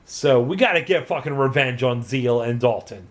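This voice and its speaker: A man's voice: medium pitch, lively intonation, normal speed. A drunk man retelling a story in a loose, rambling way, swearing freely and filling every gap with "like". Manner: loose, profane, full of "like" and restarts. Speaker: host retelling a video game plot.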